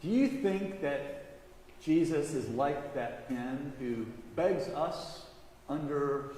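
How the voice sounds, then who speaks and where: A male priest preaching a sermon, telling a fable and reflecting on it in a measured storytelling way, in a church. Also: mid-range voice, a little mellow. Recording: echoey church hall, faint noise.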